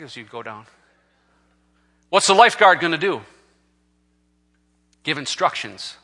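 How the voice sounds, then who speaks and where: A man preaching as pastor, swinging from loud emphatic peaks down to low, quiet asides. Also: animated, unhurried, pauses often, in a large hall. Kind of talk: sermon.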